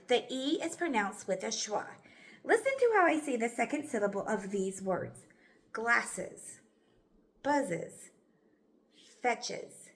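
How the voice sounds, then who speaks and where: A woman teaching a phonics lesson, slowly sounding out words and praising often. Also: a little high. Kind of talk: slow, clear classroom instruction. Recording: echoey room.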